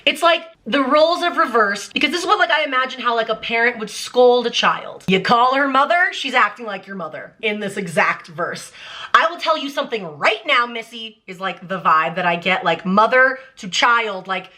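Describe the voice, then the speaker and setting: A young adult woman talks through lyrics in casual vlog commentary, with a bright, lively timbre pitched a little high. She speaks emphatically and animatedly, with frequent "like" fillers. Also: moderate pace, hardly any pauses. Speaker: vlogger analyzing song lyrics.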